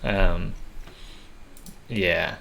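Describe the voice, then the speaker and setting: A man's voice: low-pitched, steady tone, extremely slow, vocal fry, bright, forceful tone, slight background noise. A man streaming live, chatting casually and reading lore aloud, rambling, swearing offhandedly and sounding out tricky words. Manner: laid-back and swears casually.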